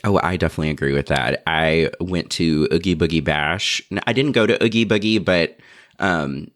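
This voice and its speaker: A man's voice: low-pitched, moderate pace, a bit bright. A jokey, self-deprecating man co-hosting a podcast in casual chat. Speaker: podcast co-host.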